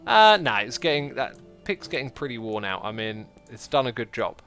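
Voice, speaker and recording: Animated man chatting while gaming. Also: medium pitch, normal speed, faint music behind. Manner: chatty, reads viewer comments aloud, self-deprecating jokes. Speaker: livestreaming gamer host. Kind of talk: casual gameplay commentary.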